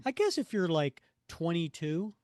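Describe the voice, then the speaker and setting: Man in his fifties, podcast co-host, chatty, rambling, fairly high voice, dry close mic. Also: very animated, unhurried, darkish tone, no echo. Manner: chatty, rambling, self-correcting. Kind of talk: casual chat and reading comics aloud.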